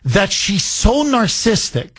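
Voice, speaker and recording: Husky radio host. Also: male voice, sits high, very animated, measured pace, fairly bright tone. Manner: rambling, emphatic, frequent fillers and restarts. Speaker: radio talk show host. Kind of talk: talk radio monologue and caller exchange.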